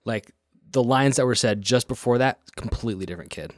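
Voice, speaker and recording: A man on a podcast in casual chat, joking and chiming in with quick asides. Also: medium pitch, no room sound, clean studio sound.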